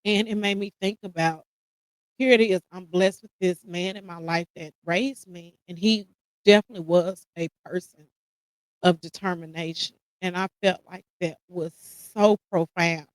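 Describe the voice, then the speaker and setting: A woman's voice: lowish voice, fairly even intonation, normal speed, dry recording, rough recording. An American woman hosting a podcast, speaking casually and emotionally while holding back tears as she reflects on a personal story. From United States. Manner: casual, addresses listeners as y'all. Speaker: podcast host.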